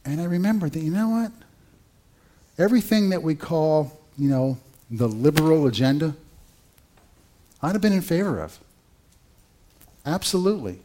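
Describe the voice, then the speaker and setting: A male pastor preaching a sermon in an animated, conversational way, with rhetorical questions to the congregation. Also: fairly high pitch, moderate pace, pauses often.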